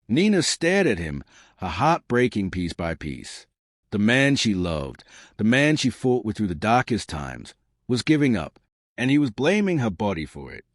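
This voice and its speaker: A man narrating an audio story in a calm, expressive way, recorded on a close mic. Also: on the low side, moderate pace, dry recording.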